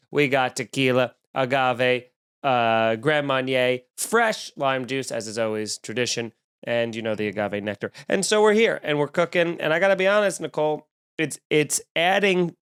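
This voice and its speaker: A man's voice: fairly high pitch, a bit bright, clean tone. A man with a Long Island accent hosting a comedy podcast, talking in a snarky, sarcastic, rambling rant. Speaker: podcast host. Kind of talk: comedic ranting chat. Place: at home with windows open.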